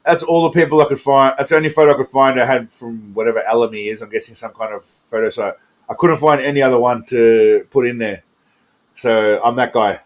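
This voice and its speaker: A man's voice: mid-range voice, steady tone, a little fast. A man hosting a reaction video, giving loose casual commentary and swearing as he wanders off on tangents. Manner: rambling, profane, chuckling, goes off on tangents. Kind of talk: casual commentary over clips.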